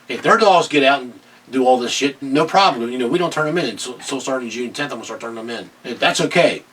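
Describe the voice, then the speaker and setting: A man's voice: mid-range voice, expressive, quick pace, a bit bright, slightly rough, distant mic, low-quality recording. A middle-aged man ranting angrily in a video commentary, agitated and repeating himself. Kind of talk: angry political rant.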